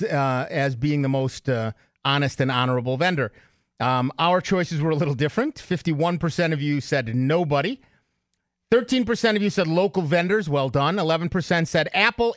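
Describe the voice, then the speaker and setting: A man's voice: a little high, a bit bright, no room sound, clean studio sound. A man hosting a radio talk show, chatty and joking with his co-hosts. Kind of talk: casual radio banter.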